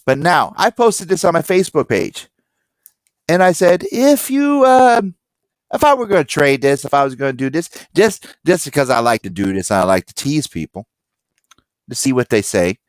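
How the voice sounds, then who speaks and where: Man, medium pitch, chatty and animated. He acts out quoted voices, recorded dry and close. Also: moderate pace, no room sound. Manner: animated storyteller acting out quoted people. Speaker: podcast co-host and comic collector. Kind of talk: casual chat.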